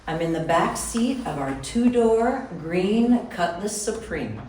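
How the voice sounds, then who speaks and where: A woman telling a personal story to a live audience in a lively, chatty way, often speaking to the crowd directly. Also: medium pitch, slow. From Wisconsin. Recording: roomy hall from far off, faint room noise.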